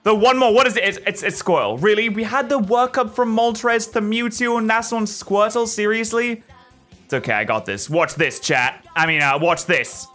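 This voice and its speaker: A bright, high-pitched man rattles through jokey gameplay commentary, his voice swinging wildly up and down. He is excitable and yells at every win. Faint game music plays behind him. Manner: excitable, jokey, yells at wins, mock-slow reading. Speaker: gaming YouTuber.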